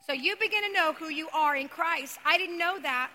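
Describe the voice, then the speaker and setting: A woman preacher giving a sermon, telling her story dramatically and swinging between loud cries and hushed, near-whispered passages. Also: very high voice, normal speed, hardly any pauses. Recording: long reverb of a large hall.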